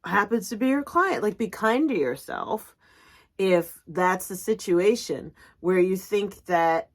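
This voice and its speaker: A middle-aged woman giving a spiritual business coaching talk, emphatic and animated, often asking "right?". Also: medium pitch, slow. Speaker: executive coach and reiki teacher.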